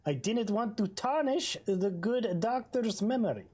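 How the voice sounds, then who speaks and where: A gamer doing a squeaky gossipy hotel clerk. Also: expressive, takes it slowly, a little mellow. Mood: secretive. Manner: high squeaky put-on accent.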